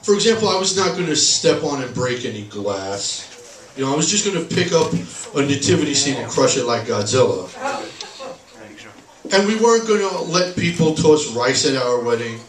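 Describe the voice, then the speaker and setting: A man doing a sarcastic stand-up comedy set in a bar, telling deadpan punchlines. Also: on the high side, normal speed. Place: bar stage, live room. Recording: echoey bar recorded from a distance.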